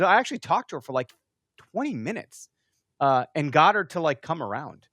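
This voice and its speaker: Fast-talking chatty podcast host. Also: male voice, fairly high pitch, big pitch swings, fairly bright tone, no room sound. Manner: chatty storyteller, easygoing. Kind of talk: casual podcast conversation.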